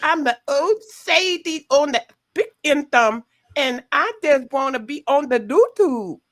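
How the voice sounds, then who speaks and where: A woman's voice: high-pitched, animated, unhurried, pitched above the performer's own voice. A woman putting on a brash, profane older woman who plays innocent and curses a lot. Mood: mock-innocent. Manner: drawling, cursing, mock-innocent.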